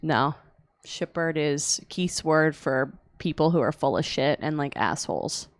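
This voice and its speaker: A woman's voice: low-pitched, a little slow, no echo. A woman in a casual chat, asking prodding questions and reacting easily. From Canada. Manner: chatty, asks prodding questions, gasps easily.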